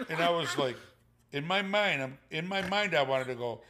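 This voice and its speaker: A man's voice: a little high, unhurried, noisy background. An older man, a father and grandfather, telling a long family story in casual chat, swearing freely and acting out what people said. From Sicilian heritage. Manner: animated storyteller, swears freely, acts out quotes.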